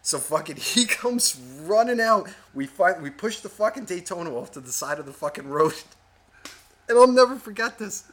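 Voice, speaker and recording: A man's voice: high-pitched, expressive, moderate pace, a bit bright. A man, a podcast co-host telling a long, profane, rambling story. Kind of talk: casual storytelling.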